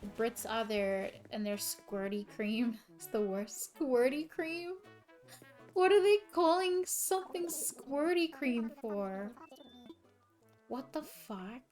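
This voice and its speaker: Slow-talking woman streamer, swearing. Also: fairly high pitch, darkish tone, soft background music. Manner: chatty, swears freely, exclaims at the game. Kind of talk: casual gaming live stream chat.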